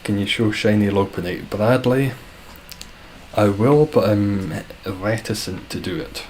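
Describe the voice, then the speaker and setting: Scottish man, lowish voice, live streamer, dry self-deprecating banter, faint background hiss. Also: measured pace, a little mellow, poor audio. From Scotland. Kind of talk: casual live-stream chat reading viewer comments.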